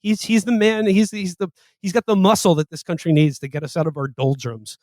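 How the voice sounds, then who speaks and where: A male comedy podcast host rambles excitably and keeps breaking into impressions. His voice sits a little high. The sound is dry and close. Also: brisk, no echo. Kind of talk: casual comedic chat.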